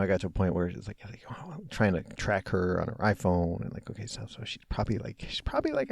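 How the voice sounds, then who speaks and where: A man with a deep, gravelly voice hosts his own podcast, thinking out loud in a soft-spoken, low-key way. He stops and restarts often, filling gaps with ums and uhs. His voice is a bit husky, recorded close up with a dry sound. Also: dry recording. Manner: hesitant and reflective, many fillers and restarts. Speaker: podcast host. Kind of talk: casual solo podcast monologue.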